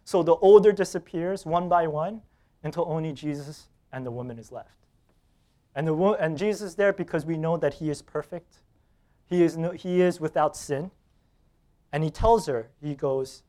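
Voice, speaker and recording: At a normal speed and fairly high pitch, a man preaching as pastor recounts a personal story, quoting dialogue and laughing, his volume swinging from loud outbursts to hushed lines.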